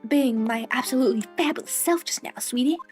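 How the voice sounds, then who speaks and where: A woman's voice: sits high, a little mellow, faint music behind, lightly acted. A woman voicing a vain, flamboyant male circus magician who slips into a country twang, read aloud from a visual novel. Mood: showy. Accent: Southern US country, put on. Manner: theatrical, drawn-out flourishes, slips into a country twang.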